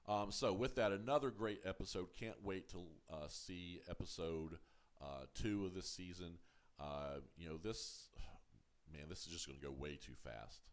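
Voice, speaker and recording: A man with a very deep, low-pitched voice talks through a show review in a casual, unscripted way. He stumbles and restarts often, leaning on ums and uhs. When he pushes back on critics, he turns firm and a little defensive. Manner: halting, full of ums and uhs, restarts words. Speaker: show reviewer, channel host. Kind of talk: casual review commentary to camera.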